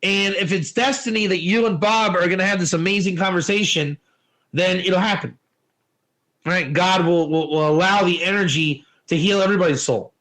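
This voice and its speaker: A man teaching a Torah lesson in an informal, animated way, telling stories and asking rhetorical questions. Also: high voice, normal speed, poor audio.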